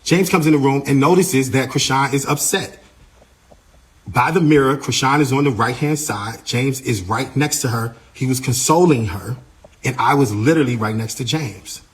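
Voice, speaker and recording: A man with a mid-range voice tells a story in a casual, lively way. He repeats phrases as he goes and acts out what other people said. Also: mid-range voice, moderate pace. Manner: animated, repeats himself, acts out quoted voices. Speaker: tour manager.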